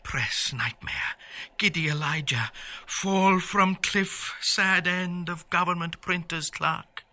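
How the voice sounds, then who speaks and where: Guy doing an eerie chanting voice, very bright and high, slow and swooping. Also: full character voice. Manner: clipped, chanted fragments. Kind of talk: radio drama acting.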